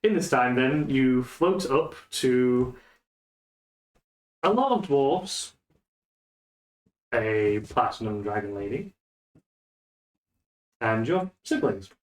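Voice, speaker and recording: A male game master with a lively, up-and-down delivery, narrating a tabletop game loosely and casually. His voice carries the echo of a bare room. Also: mid-range voice, takes it slowly, long pauses. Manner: loose, rambling narration with fillers. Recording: echoey room.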